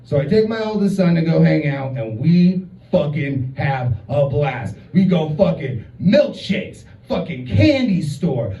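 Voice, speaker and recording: Man, stand-up comedian, profane, rambling, mellow tone, slightly high pitch, echoey club recording. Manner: profane, conversational, many filler words. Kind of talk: stand-up storytelling. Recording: roomy, distant, muffled club recording.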